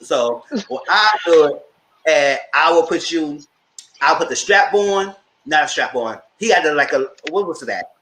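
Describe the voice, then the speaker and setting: A man hosting a TV review show, recapping scenes in a lively, casual way and acting out people's lines in exaggerated voices. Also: unhurried, roomy sound, slight background noise. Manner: acts out quotes in exaggerated voices, squeals high.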